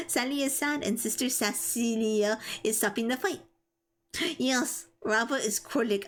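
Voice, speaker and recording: A woman's voice: a little high, steady tone, moderate pace. A young woman streaming live, chatting casually and giggling as she reads chat and stumbles over tricky words.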